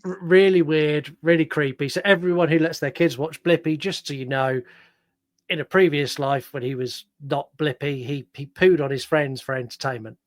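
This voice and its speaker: A man's voice: on the high side, fairly even intonation, normal speed, dry recording, clean studio sound. A British man co-hosting a podcast, teasing his friend and reading out listener captions with many fillers. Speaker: podcast co-host. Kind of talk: casual chat.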